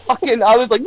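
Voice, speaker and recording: A woman's voice: mid-range voice, no room sound, muffled recording. Giggly swearing woman telling stories. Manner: giggly storyteller, swears a lot. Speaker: podcast co-host. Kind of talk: casual chat.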